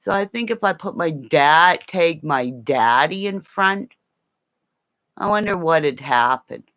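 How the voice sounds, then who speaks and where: A woman's voice: sits low, animated, takes it slowly, a bit bright. A woman from Canada ranting angrily to camera in a profane, rambling monologue. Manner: profane and angry; rambling, jumps between topics. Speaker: vlogger.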